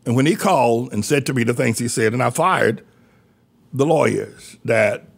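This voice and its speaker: A man's voice: medium pitch, normal speed, vocal fry, slightly rough. An older man, a pastor, telling a story from the pulpit and acting out the people who phoned him. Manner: animated, acts out quoted callers in his own voice. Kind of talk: preaching storytelling.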